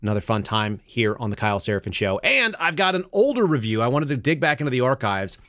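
Fast-talking male podcast host. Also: mid-range voice, big pitch swings, a bit bright, no room sound, studio quality. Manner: fast, conversational, laughs at his own stories. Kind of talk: casual talk show monologue. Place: studio.

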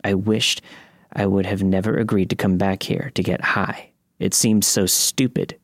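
A man narrating a first-person horror story in a steady, measured reading. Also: low-pitched, dry recording, clean studio sound.

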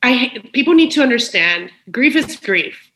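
A woman's voice: on the high side, expressive, unhurried, a bit bright. A woman speaking as a podcast guest in a frank, emotional, personal conversation, swearing freely. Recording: roomy echo.

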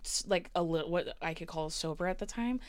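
A woman's voice: fairly low pitch, a little fast, dry recording. A young woman in casual chat, chiming in on the story with laughing asides. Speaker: guest in group chat.

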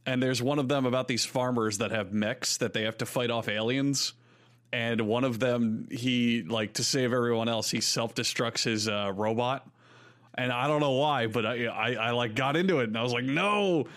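A man co-hosting a casual podcast, telling animated stories about movies. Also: medium pitch, moderate pace. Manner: animated storyteller, acts out movie lines. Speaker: podcast co-host. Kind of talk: casual chat.

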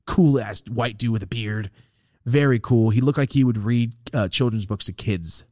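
A man hosting a podcast, telling a long rambling story in a casual, profane, animated way. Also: medium pitch, moderate pace, no room sound, studio quality. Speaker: podcast host.

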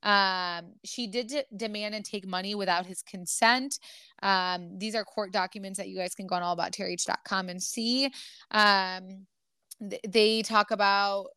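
A woman's voice: mid-range voice, normal speed, smooth, dry recording, clean studio sound. A young adult woman hosting a casual gossip podcast, reading text messages aloud with lots of fillers and swearing. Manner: animated, swearing, frequent fillers. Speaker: podcast host.

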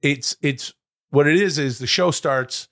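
A man co-hosting a comedy podcast, brainstorming in a casual, excitable way, swearing freely and jumping up in pitch as he riffs. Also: unhurried. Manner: animated, excitable, jumps high in pitch when riffing. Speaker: podcast co-host.

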